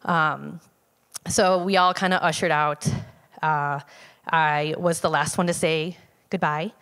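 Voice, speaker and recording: Woman giving a halting church testimony. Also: low voice, fairly even intonation, fairly bright tone, smooth. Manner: conversational, halting, with frequent fillers and restarts. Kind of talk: personal testimony told to a congregation. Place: church sanctuary. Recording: long hall reverb.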